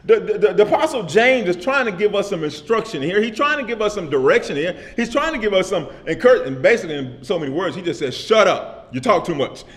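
A man with a high-pitched voice delivers a sermon in relaxed, everyday speech. He circles back on his phrases and keeps checking in with his listeners through a steady "amen?". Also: fast talker, few pauses. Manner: repetitive call-and-response preaching with frequent "amen?"; casual vernacular speech. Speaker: pastor.

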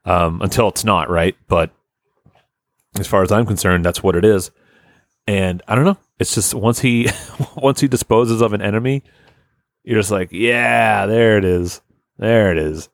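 Low-voiced man, rambling excited fan chat, dry close sound. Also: normal speed, long pauses, no room sound. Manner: rambling, enthusiastic, swears often. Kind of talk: casual chat.

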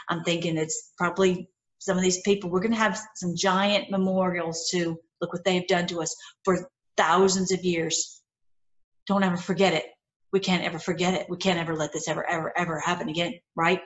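A woman's voice: fairly low pitch, flat delivery, fairly quick, echoey room. An older woman giving an informal Bible teaching and prayer, effusive and full of rhetorical questions.

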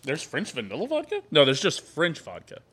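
A man's voice: a little high, wildly swooping pitch, fairly quick, pushed and bright, husky. A young man co-hosting a casual podcast stream, rambling and laughing often as he chats with friends. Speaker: podcast co-host. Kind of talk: casual chat.

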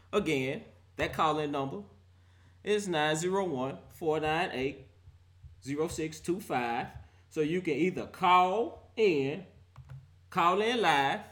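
A man's voice: high voice, a bit bright. A man hosting a live call-in sports show, roasting players and fans with playful trash talk and frequent laughter.

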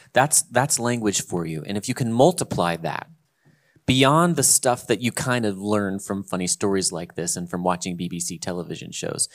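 A man with a somewhat low voice hosts a relaxed spoken discussion. He lectures with emphasis, pushing hard on key words and then dropping to quieter asides. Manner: emphatic, lecturing, swings between loud stresses and quiet asides. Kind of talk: casual podcast discussion.

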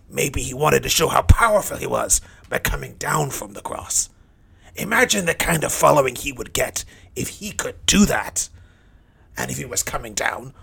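Using a full character voice that is gravelly, slightly rough and a bit bright, a man gives a low-key, brooding, cynical first-person monologue as a hardened thief bitterly dying on a cross.

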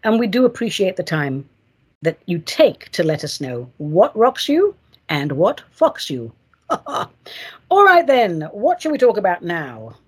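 A woman hosting her own podcast, chatting in a playful, theatrical way and gushing with excitement. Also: on the low side, slow, breathy edge. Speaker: podcast host.

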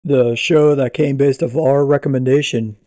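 A man's voice: medium pitch, steady tone, normal speed, warm tone, no echo. A man co-hosting a podcast, chiming in with dry wisecracks during casual chat. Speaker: podcast co-host.

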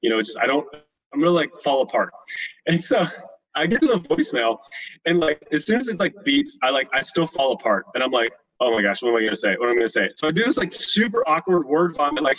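Fast, bright-voiced young man. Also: fairly high pitch, far from the mic, poor audio. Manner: animated, acts out quoted voices in his stories. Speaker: podcast guest, short-term rental host. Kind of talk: casual interview storytelling.

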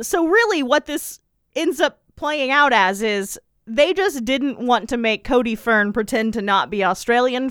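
A woman's voice: on the high side, fairly bright tone, clean tone, no room sound, studio quality. A young adult woman hosting a podcast, chatting casually and animatedly with lots of fillers and laughs. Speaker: podcast host. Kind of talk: casual chat.

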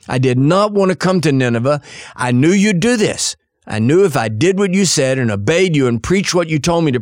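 A man's voice: on the high side, no echo, studio quality. A male preacher voicing an indignant, self-righteous male prophet who complains that he has the right to be angry.

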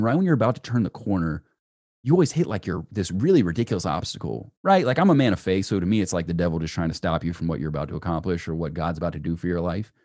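Young male guest, very low and rapid, animated storyteller, dry close mic. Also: no room sound. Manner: animated storyteller, many "right?" asides. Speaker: entrepreneur guest. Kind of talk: storytelling in a podcast interview.

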